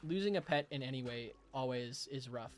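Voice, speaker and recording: A man's voice: medium pitch, expressive, a little fast. A young man streaming a game, chatting casually with his live chat, playful, rambling and laughing often.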